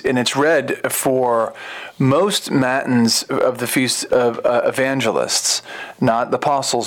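A man who is a religious brother, talking as a guest in a casual chat, halting and repeating words as he searches for them. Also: medium pitch, a bit bright.

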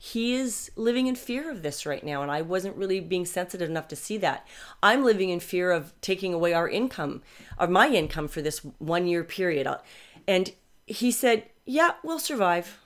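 A woman's voice: lowish voice, lively intonation, normal speed. A woman in her fifties talking candidly in a personal podcast monologue, reflective and often correcting herself as she goes. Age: 50s. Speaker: podcaster and coach.

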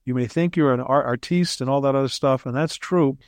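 A man's voice: mid-range voice, brisk, dry recording. Chatty man telling stories, dry sound. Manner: chatty, animated storyteller with frequent restarts. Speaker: ghostwriter guest. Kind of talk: casual interview storytelling.

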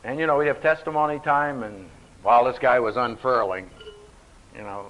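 A man of medium pitch, speaking at a moderate pace, runs a Bible study. His delivery is emphatic and lively with a dry wit, though the lo-fi recording sounds dull.

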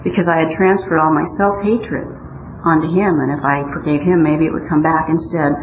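Her voice is low and steady, and she talks fairly quickly against a noisy background. The speaker, an older Omaha, Nebraska woman, gives an earnest recovery-meeting talk, storytelling with dry humor, in a muffled recording with a roomy sound.

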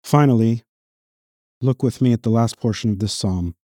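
A man preaching a sermon as pastor, reading scripture aloud in an earnest voice that swells on emphatic lines and drops low and quiet on solemn ones. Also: moderate pace, no echo, clean studio sound. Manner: reads scripture passages aloud within the sermon.

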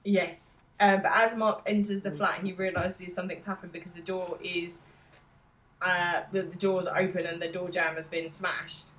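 A woman's voice: lowish voice, flat delivery, moderate pace, fairly bright tone, low-quality recording. A woman co-hosting a casual podcast, telling the story with a wry, giggly manner. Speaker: podcast co-host. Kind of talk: casual chat recapping a TV episode.

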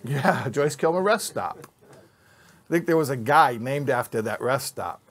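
A man's voice: medium pitch, lively intonation, unhurried, husky. A man teaching an informal Bible class to a live group, joking and quizzing his listeners. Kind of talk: informal Torah class with audience.

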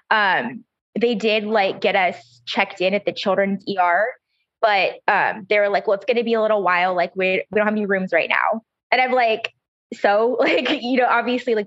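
A mother telling a personal story in a casual, halting way, with many fillers and restarts. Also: medium pitch, fairly bright tone, no echo, lo-fi sound.

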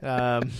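A man hosting a podcast, telling a story in casual chat, cursing often and acting out quotes with loud yelps. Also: medium pitch, clean tone, no room sound, clean studio sound. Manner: profane, excitable storytelling recap. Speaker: podcast host.

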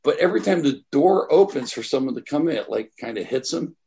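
A man's voice: on the high side, lively intonation, a little fast, gravelly, warm tone, a little hiss or hum. An older man telling long, rambling anecdotes in a casual interview, full of "like" and "you know". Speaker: guest. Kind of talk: casual storytelling.

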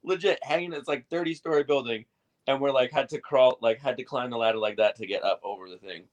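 A man's voice: medium pitch, fast talker, dull audio. A man in his thirties telling wild stories in casual chat, swearing freely and acting out what people said. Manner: swearing, animated retelling with acted-out quotes. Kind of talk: casual storytelling.

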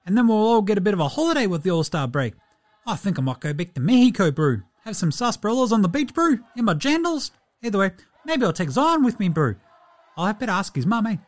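A man's voice: high voice, big pitch swings, fast talker. A man playing a laid-back, friendly New Zealand basketball player in a comedy bit, putting on a New Zealand accent and rambling chummily through a mock diary entry. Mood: easygoing. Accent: New Zealand (put on). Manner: chummy, rambling, says "bro" and "eh" constantly.

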